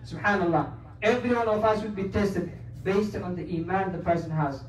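A man with a Somali accent delivers a Friday sermon at a quick clip, his voice pitched high. He sounds some distance from the microphone, and the prayer hall echoes around him. He talks earnestly, moving between English and recited Arabic. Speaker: preacher giving a Friday sermon.

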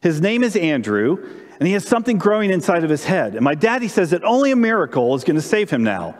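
A man voicing an earnest eight-year-old girl in a sermon story, raised high and eager. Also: big pitch swings, quick pace, in a large hall. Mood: pleading.

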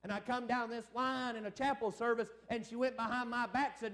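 Preacher guy, high voice, folksy revival sermon, keeps asking the church for amens. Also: level tone, a little fast, few pauses, fairly bright tone. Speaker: evangelist. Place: church service.

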